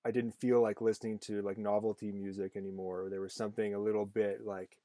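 A man's voice: fairly low pitch, little pitch movement, quick pace, dark tone, no room sound. Chatty man hosting a podcast. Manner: rambling, many fillers and restarts. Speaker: podcast host. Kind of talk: casual conversation.

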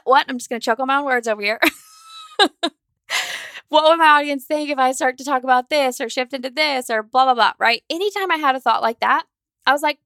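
A woman hosting a solo podcast, talking fast and fired up, candid and casual, with some swearing. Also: high voice, pushed and bright, no echo, studio quality. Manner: acts out her own anxious inner voice. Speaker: podcast host.

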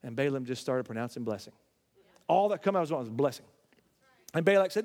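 A man's voice: medium pitch, lively intonation, fast talker, pauses often, darkish tone, long reverb tail. A man preaching a sermon, retelling a scripture story with acted-out voices and frequent self-corrections. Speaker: pastor.

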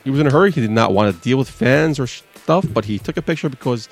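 A man's voice: mid-range voice, expressive, quick pace, faint music behind. A man co-hosting a wrestling podcast in casual chat, telling loose, profane stories. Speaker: podcast co-host.

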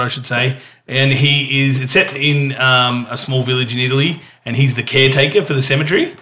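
A man's voice: medium pitch, sharp tone, a little hiss or hum. A man hosting a casual group chat about films, rambling with fillers and laughing often. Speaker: podcast host.

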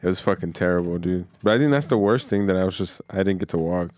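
A man speaking relaxed and matter-of-fact in casual chat, swearing easily. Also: low-pitched, quick pace, no echo.

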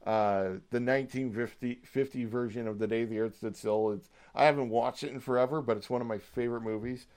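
A young man hosting a casual solo podcast, rambling excitedly like a hyped fan and swearing freely. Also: mid-range voice, fairly quick, hardly any pauses. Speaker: podcast host.

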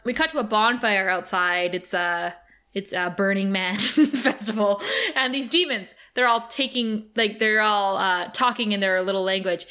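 Bright-voiced woman recapping casually. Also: medium pitch, normal speed. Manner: chatty, laughs often, acts out characters' lines. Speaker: podcast co-host. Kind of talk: casual episode recap chat.

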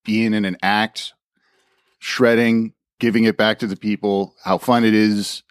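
A man's voice: on the low side, little pitch movement, measured pace, smooth, no echo, clean studio sound. A man co-hosting a podcast remotely, rambling through a topic with wry humor. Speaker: podcast co-host. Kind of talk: casual comedic chat. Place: calling in remotely.

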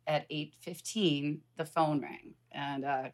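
A woman in her fifties telling a personal story in conversation, earnest and halting, with frequent restarts. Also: sits low, steady tone. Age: 50s. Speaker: guest.

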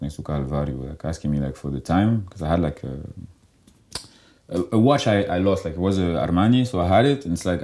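A young man talking casually in an interview, loose and animated, and he fills his speech with "like.". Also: sits low. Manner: loose and animated, heavy filler "like". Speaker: guest.

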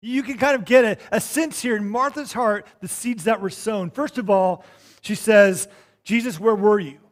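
A man preaching a sermon, emphatic and repetitive, dropping to a softer tone for quoted scripture. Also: high voice, moderate pace. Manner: emphatic, repeats phrases, drops to soft tones for quotes. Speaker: pastor.

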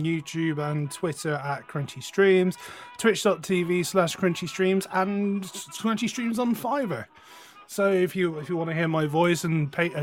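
A man guesting on a live chat show, joking and crude in easy banter. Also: on the high side. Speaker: guest streamer. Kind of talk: casual chat.

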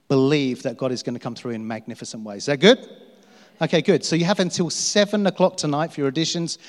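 A middle-aged man preaching a sermon, telling stories about himself with self-mocking humor and frequent laughter. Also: on the high side. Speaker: pastor. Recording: long hall reverb.

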